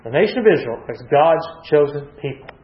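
High-voiced man teaching a Bible class. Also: lively intonation, a little fast. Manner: asks the class questions and answers them himself; reads verses aloud then explains them plainly. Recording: echoey room, dull lo-fi sound.

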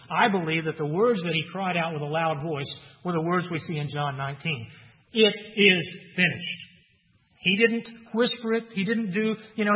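A man preaching a sermon earnestly, rising loud for emphasis and dropping soft for weight. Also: high-pitched. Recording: dull sound with long hall reverb.

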